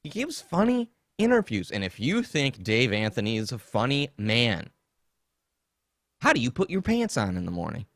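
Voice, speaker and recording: A man's voice: on the low side, very animated, normal speed, fairly bright tone, dry recording, clean studio sound. A man hosting a podcast in a casual comedic rant, mocking and laughing often as he jumps between topics. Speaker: podcast host.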